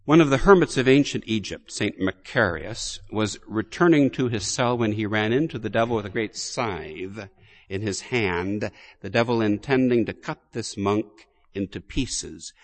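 A man, a Catholic priest, giving a sermon with deliberate preaching, swelling on strong words and dropping low and quiet at line ends. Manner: slow, deliberate preaching with emphatic rises and quiet drops.

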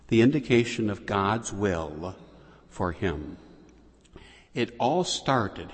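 A man preaching a sermon, telling the story slowly and deliberately with long pauses. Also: fairly low pitch. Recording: long hall reverb.

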